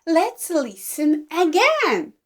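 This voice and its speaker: A woman teacher leading a slow, gentle baby lesson, modelling simple sounds with exaggerated, repetitive delivery and sing-song praise. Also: very high voice, wildly swooping pitch.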